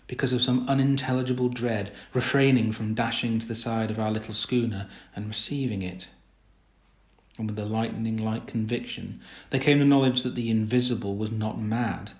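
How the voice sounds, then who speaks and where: A man narrating a story in a measured, low-key reading. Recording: roomy echo.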